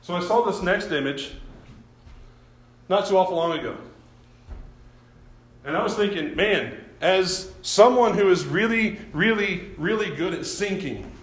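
A man's voice: high-pitched, expressive, unhurried, long pauses, a bit bright, roomy sound. A man preaching a sermon as pastor, talking in a folksy, self-deprecating way and often repeating his words.

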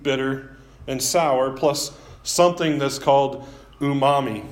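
A pastor delivers a sermon live-streamed from a church, speaking in a relaxed, conversational manner and poking fun at himself along the way. His pitch is fairly high.

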